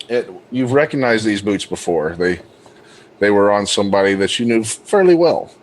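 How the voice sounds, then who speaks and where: A man's voice: lowish voice, animated, a little slow. A man narrating as game master of a tabletop game, laughing often and teasing his players.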